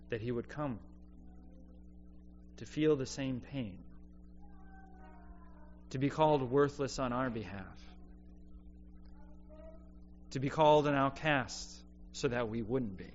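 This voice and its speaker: A man preaching a sermon in an earnest, reflective way, often dropping quiet to make a point. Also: mid-range voice. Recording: dull lo-fi sound with faint hum.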